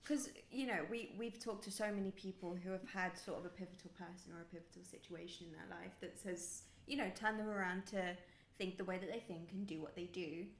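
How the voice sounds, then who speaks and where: A woman's voice: lowish voice, fairly even intonation, a little fast. A woman co-hosting an interview podcast, speaking in a reflective, thoughtful way. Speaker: podcast co-host. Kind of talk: casual interview chat. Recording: roomy echo with faint background noise.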